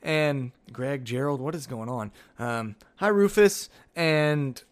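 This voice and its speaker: A man's voice: medium pitch, slow. A man hosting a solo podcast, chatting casually and rambling through old notes with jokey asides. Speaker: podcast host.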